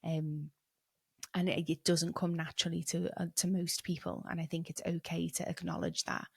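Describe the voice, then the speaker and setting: Woman podcast host, lowish voice, dry close mic, probing questions. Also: flat delivery, moderate pace, gravelly, darkish tone, breathy edge, no echo. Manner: thoughtful, musing questions, rises when asking. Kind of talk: conversational interview questions.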